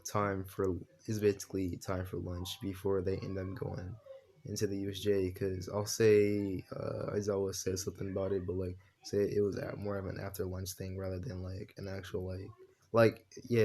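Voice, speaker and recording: A man's voice: sits low, dark tone, a little hiss or hum. A man improvising a fan story while playing a game, rambling casually with lots of fillers and swearing.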